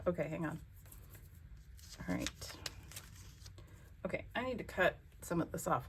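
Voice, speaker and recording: A woman's voice: on the low side, animated, a little slow, long pauses, fairly bright tone, husky. A woman hosting a crafting vlog, chatting casually and talking to herself as she works. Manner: chatty, exclamatory, talks to herself while working. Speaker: crafting channel host.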